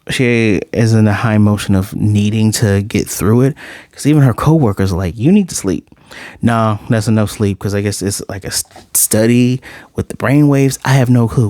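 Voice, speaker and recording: A man's voice: fairly low pitch, a little mellow, no room sound, studio quality. A man reviewing an anime episode in a casual, rambling, blunt way.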